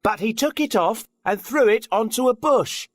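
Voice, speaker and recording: A man playing a lively schoolboy telling a story. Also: extremely high pitch, normal speed, no room sound, clean studio sound. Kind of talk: textbook audio dialogue.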